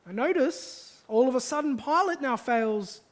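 Emphatic preacher, slowing for weight. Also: animated. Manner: emphatic, building lists for stress; slows and drops low on key phrases. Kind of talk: sermon.

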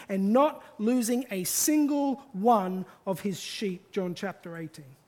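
A preacher delivering an expository sermon, stacking phrases for emphasis and slowing down to drive points home. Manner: emphatic, building lists for stress; slows and drops low on key phrases.

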